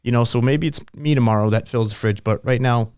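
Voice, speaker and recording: Rambling, animated man on a dry mic. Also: medium pitch, a little fast, clean tone, no echo. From Rhode Island. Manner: rambling, restarts often, animated storytelling. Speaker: strength and conditioning coach. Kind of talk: casual podcast interview.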